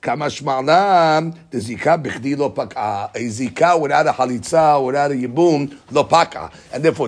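A man teaching a Talmud study class, explaining step by step, repeating key phrases and answering students' questions. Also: mid-range voice.

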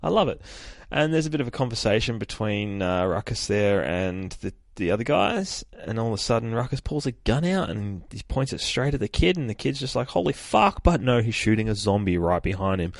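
A man with a lowish voice talks loosely through a comic, cursing a lot and jumping into the characters' lines. The sound is dry and close, with no room around it. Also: animated, a little fast, gravelly, few pauses, no echo. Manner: swears often, acts out characters' lines. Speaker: podcast host reviewing a comic. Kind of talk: casual chat. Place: home, rain heard outside.

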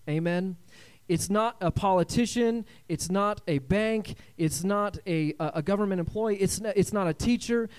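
A male pastor with a notably high voice delivers a sermon. He swings from loud, emphatic declarations to hushed, near-whispered lines and keeps asking the congregation for an amen. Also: normal speed, clear, resonant tone. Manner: dynamic preaching, swinging between loud emphasis and hushed tones, asks for amens.

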